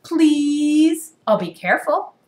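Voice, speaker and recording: A woman putting on a high-pitched, whiny cartoon pigeon from a picture book who begs and badgers without letup. Its voice jumps up loud and shrill, and the room around it rings with echo. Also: very animated, takes it slowly, full character voice. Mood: pleading. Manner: whiny, begging, bursts into loud squawks. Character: pushy pleading male cartoon pigeon. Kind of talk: picture book read-aloud. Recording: echoey room.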